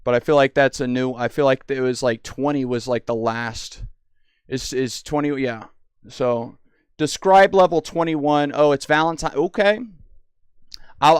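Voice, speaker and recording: Young-sounding man, smooth voice, slightly high pitch, rambling excitable gameplay talk, dry close sound. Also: no room sound. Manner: rambling, excitable, full of restarts. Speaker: gaming video host. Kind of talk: casual gameplay commentary.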